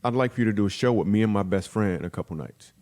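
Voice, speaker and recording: Fast-talking, low-voiced comic storyteller man. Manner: animated, punchy delivery that jumps into quick character voices. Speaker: comedian guest. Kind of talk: comic storytelling in a podcast interview.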